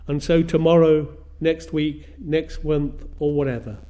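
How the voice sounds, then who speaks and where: A man preaching a sermon in a measured way, repeating phrases for emphasis. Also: a little high, fairly even intonation, highs cut off.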